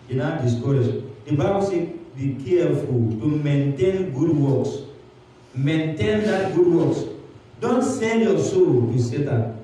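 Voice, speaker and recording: A man's voice: a little high, expressive, a little slow, dark tone, very echoey, distant mic, rough recording. A man preaching a sermon, retelling a story and acting out the people in it with repeated emphatic phrases. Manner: storytelling sermon, voicing characters in quotes, repetitive emphatic phrasing. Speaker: pastor.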